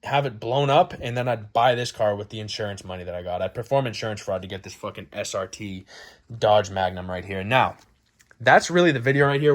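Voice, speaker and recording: A man in his twenties hosting a casual car review vlog, rambling and excitable, swearing freely. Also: medium pitch. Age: 20s. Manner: profane, excitable, rambling enthusiasm. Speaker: car channel host.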